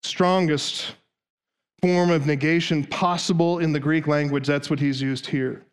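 A man's voice: fairly high pitch, steady tone, measured pace, clean tone. A man preaching a sermon, driving his point with long runs of rhetorical questions. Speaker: pastor.

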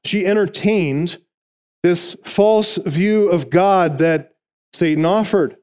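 A man's voice: high-pitched, slow, a little mellow, smooth. A man preaching an expository sermon, making numbered points emphatically and acting out quoted lines. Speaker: pastor.

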